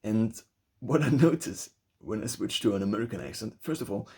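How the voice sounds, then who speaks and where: A man's voice: fairly low pitch, expressive, fairly quick, darkish tone, slightly rough. A young man with a German accent, talking through his thoughts in a loose spoken essay, restarting phrases as he goes. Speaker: vlogger.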